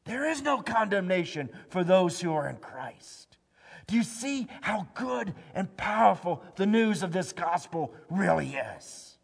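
A man preaching a sermon, swinging between hushed low phrases and loud emphatic lines, drawing out the scripture he quotes. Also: sing-song, vocal fry, breathy edge. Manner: slow, deliberate delivery with drawn-out scripture quotes. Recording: long hall reverb.

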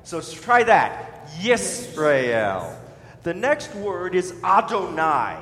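A pastor giving a sermon, leading his listeners to repeat words after him in a slow, deliberate, emphatic way. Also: high voice, big pitch swings, sharp tone. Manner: leads the listeners in call-and-response pronunciation. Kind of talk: sermon teaching with congregation repetition. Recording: echoey hall with long reverb.

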